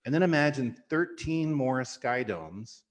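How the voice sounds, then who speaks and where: A man's voice: medium pitch, expressive, measured pace. A middle-aged man hosting an interview, introducing his guest with effusive, enthusiastic praise and frequent fillers. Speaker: host. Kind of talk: warm conversational introduction.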